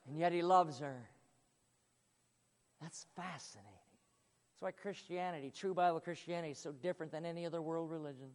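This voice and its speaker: A man's voice: a little high, brisk, long pauses, darkish tone, in a large hall. A man preaching a sermon in an emphatic, dramatic way.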